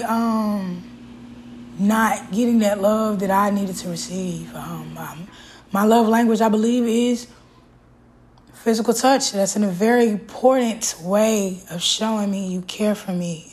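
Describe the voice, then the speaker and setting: A podcast host speaks candidly and emotionally about her own life on her show, full of fillers and restarts. Her medium-pitched voice is slow and a little mellow. The audio is poor, with slight background noise.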